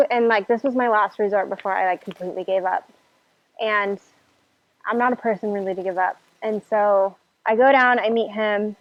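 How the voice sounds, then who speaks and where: Animated woman telling a story, lo-fi. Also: medium pitch, dry recording. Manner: animated, acts out her own past reactions, many "like" fillers. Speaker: dog owner telling her story. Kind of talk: casual storytelling. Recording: dull lo-fi sound, faint music behind.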